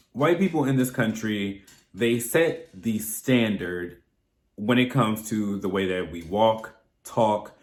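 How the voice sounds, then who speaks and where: A man hosting his own commentary channel, talking bluntly and with plenty of swearing. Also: lowish voice. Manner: blunt, animated, profane. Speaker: reaction channel host. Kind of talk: casual commentary. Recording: roomy echo.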